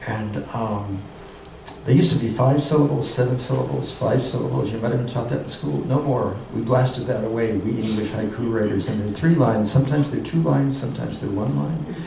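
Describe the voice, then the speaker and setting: An older man, a poet, reading poems slowly and repeating each short one, then talking to a group. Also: mid-range voice, gravelly, dark tone. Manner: slow, measured reading, repeating each haiku twice. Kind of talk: poetry reading and talk to a group. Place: arts center room with an audience. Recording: echoey room, mic far off, noisy.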